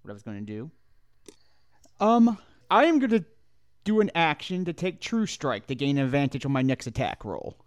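A man with a somewhat high voice plays a tabletop game. He talks thoughtfully and asks quick questions, and the sound is dry and close. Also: very animated, no room sound. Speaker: player.

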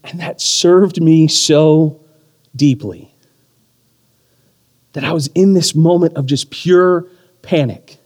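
A man in his thirties preaching a sermon, telling a story with animated, self-deprecating humor. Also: on the high side, slow, long pauses. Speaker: pastor. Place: church or community hall. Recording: long hall reverb.

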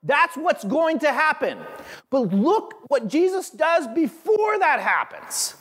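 A man preaching a sermon, animated and conversational, with friendly asides to the congregation. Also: very high-pitched, takes it slowly, big-room sound. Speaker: pastor.

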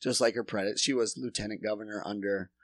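A man's voice: fairly low pitch, fairly even intonation, fast, dry recording. A man co-hosting a casual podcast, ranting with heavy swearing. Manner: profane, ranting.

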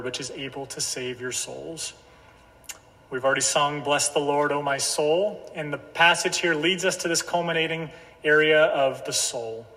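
A man pastor delivering a sermon, slow and emphatic, repeating key phrases. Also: on the high side, sharp tone. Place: church sanctuary. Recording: church hall reverb.

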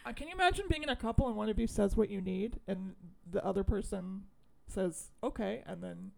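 A woman in easy conversation, retelling a film's plot with lively quoted dialogue and frequent laughter. Her voice sits in a middle range with noticeable vocal fry. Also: medium pitch, a little fast. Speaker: podcast co-host. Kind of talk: casual chat recapping a movie.

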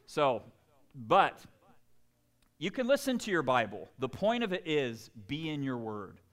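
A man preaching a sermon in an animated, conversational way, full of jokes and asides. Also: on the high side, unhurried. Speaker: pastor.

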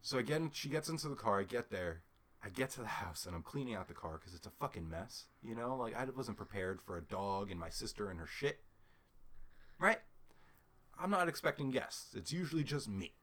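A man's voice: lowish voice, fairly quick. A man telling a frustrating story in casual chat, cursing heavily and acting out both sides of arguments with lots of "like" and "right?". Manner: heavy cursing, animated retelling with quoted back-and-forth; frequent "like" and "right?" fillers, laughs mid-sentence.

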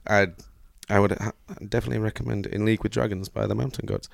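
A man with a deep voice talks fast and casually about music, full of enthusiasm and dry asides. The sound is close and dry, with no room around him. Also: little pitch movement, gravelly, no room sound. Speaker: podcast co-host.

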